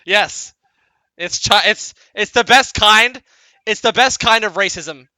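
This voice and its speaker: A young man narrates a casual tabletop game as dungeon master, laughing often and trailing off before restarting his sentences. His voice is high, slow, pushed, and bright, in a dry recording.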